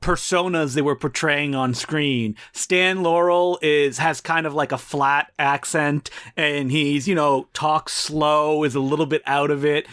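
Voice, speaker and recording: A man's voice: a little high, a little slow, few pauses, clear, resonant tone. A man co-hosting a film podcast, talking casually and laughing often as he recounts scenes. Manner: animated, laughs often, playful quoting. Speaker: podcast co-host.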